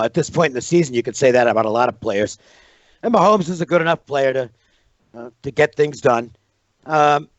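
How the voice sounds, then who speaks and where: A man giving measured, hesitant sports betting analysis, often restarting his sentences. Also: fairly high pitch, no room sound. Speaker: sports handicapper. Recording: dry, muffled lo-fi audio.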